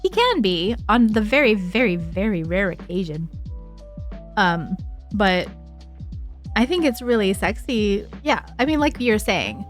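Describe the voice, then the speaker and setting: A woman's voice: medium pitch, big pitch swings, measured pace, faint music behind. A woman live streamer chatting casually with her viewers, frank and chatty, swearing freely and using lots of filler words.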